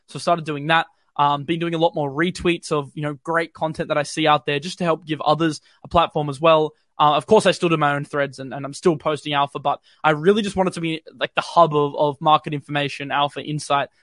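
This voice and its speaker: A man's voice: fairly high pitch, fairly bright tone, no echo, studio quality. A young man with a mild Australian city accent, hosting a casual livestream from his bedroom, chatty and full of fillers as he answers viewer comments. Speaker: crypto livestream host. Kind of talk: casual live-stream chat. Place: home bedroom.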